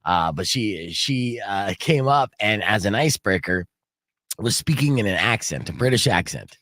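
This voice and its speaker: A man's voice: moderate pace, dry recording, clean studio sound. A middle-aged man hosting a radio show in casual chat, telling rambling stories full of fillers. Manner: rambling, filler-heavy storytelling with lively swings in pitch. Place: radio studio.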